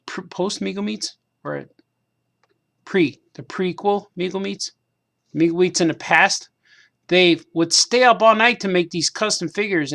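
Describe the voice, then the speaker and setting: A man's voice: sits high, gravelly, a bit bright. A man talking to himself in a loose, meandering way while he paints toy figures, repeating phrases and laughing at himself. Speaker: cartoonist hosting a craft stream. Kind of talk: casual rambling monologue while painting figures.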